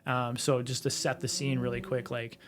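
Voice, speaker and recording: A man's voice: mid-range voice, little pitch movement, normal speed. A man in his forties on a podcast, telling his story in a rambling casual way with many fillers and restarts. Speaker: podcast guest, real estate entrepreneur.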